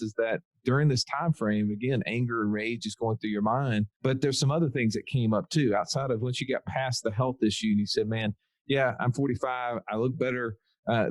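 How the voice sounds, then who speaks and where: A man's voice: medium pitch, no echo. A man hosting an interview podcast, asking curious questions and laughing easily. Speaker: podcast host. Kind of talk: conversational interview.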